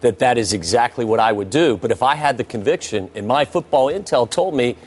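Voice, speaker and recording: A man appearing as a guest NFL analyst on a sports debate show, explaining his view calmly with analogies. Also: medium pitch, fairly quick, slightly rough.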